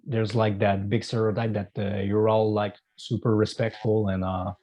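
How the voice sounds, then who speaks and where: A man's voice: on the low side, little pitch movement, a little mellow, lo-fi sound. Man, interview guest, hesitant, full of fillers. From Quebec. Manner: hesitant, many pauses and fillers. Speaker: musician guest. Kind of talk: casual interview answers.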